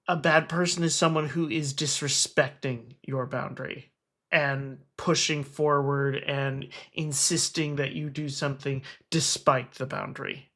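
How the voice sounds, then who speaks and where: A man with a slightly high, somewhat bright voice hosts his own game stream, chatting casually. He comes across as earnest and talkative, tossing in wry, self-mocking jokes.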